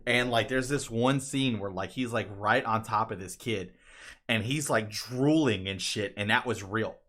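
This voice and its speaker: Brief: male podcast co-host, bright tone, rambling profane storyteller. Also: on the low side, unhurried. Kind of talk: casual chat.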